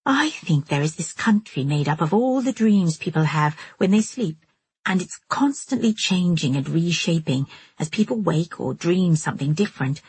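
Tranquil dreamy young woman, breathy and low, read by a woman. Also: lively intonation, moderate pace, darkish tone, no echo, heavily acted. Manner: tranquil, musing.

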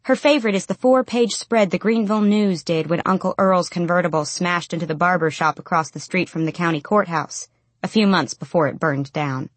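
A woman narrating an audiobook in the first person, quiet and subdued. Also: on the low side, a little fast, no room sound.

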